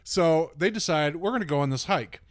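A man's voice: fairly high pitch, expressive, brisk, dry recording, studio quality. A man co-hosting a podcast, telling a self-mocking story in casual chat and acting out the other people's lines. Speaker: podcast co-host.

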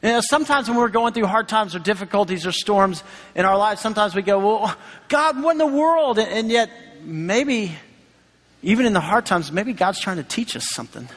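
A man's voice: high voice, expressive, a little fast, fairly bright tone. A man preaching a sermon in a conversational way, acting out quoted voices along the way. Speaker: pastor. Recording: long hall reverb.

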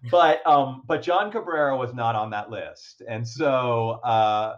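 A man's voice: mid-range voice, unhurried. Chatty man with a muffled lo-fi sound. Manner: animated, self-deprecating, many fillers and restarts. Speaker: guest. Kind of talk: casual storytelling chat. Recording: dull lo-fi sound.

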